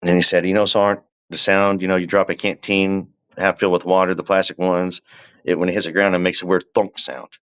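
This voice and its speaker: A man with a drawl and a low voice, spinning a long, unhurried story as a podcast guest. He keeps turning to the listener with little asides. The audio is dull and lo-fi, like a remote call. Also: flat delivery, fairly bright tone, clear, resonant tone. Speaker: guest telling his story. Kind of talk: casual storytelling.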